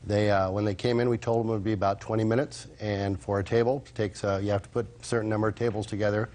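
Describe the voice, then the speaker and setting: Man, witness, hesitant testimony, lots of fillers, low voice. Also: level tone, quick pace, a little mellow. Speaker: restaurant manager, witness. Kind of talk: courtroom testimony.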